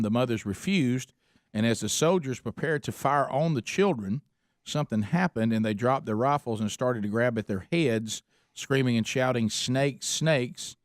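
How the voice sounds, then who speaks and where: Here a middle-aged talk radio host with a mid-range voice shares stories in an earnest, chatty manner, leaning on lots of "uh" fillers. A studio microphone gives a studio-quality recording without echo.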